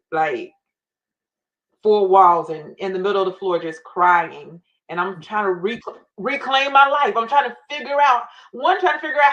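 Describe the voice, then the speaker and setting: A woman's voice: on the low side, a bit bright, lo-fi sound. A woman guest telling her personal faith testimony with feeling, acting out her own prayers and quoting scripture. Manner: emotional, acts out her own prayers and inner voice; faith-based, quotes scripture.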